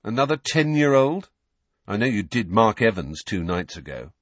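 A man voicing a defiant, sharp-tongued teenage boy who mocks his cousin. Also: lowish voice, big pitch swings, normal speed, dry recording, pitched above the performer's own voice. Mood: mocking. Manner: mocking, sarcastic.

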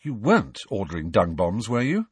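A man's voice: lowish voice, huge pitch swings, normal speed, husky, no echo, full character voice. A man voicing a young teenage schoolgirl who speaks earnestly, fierce and kind. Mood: friendly.

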